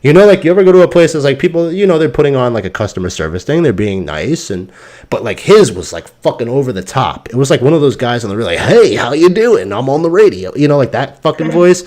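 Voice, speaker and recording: A man's voice: mid-range voice, fast talker. A man hosting a crypto stream, telling stories in a casual, rambling and profane way, ranting and sounding exasperated. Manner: profane, animated storytelling.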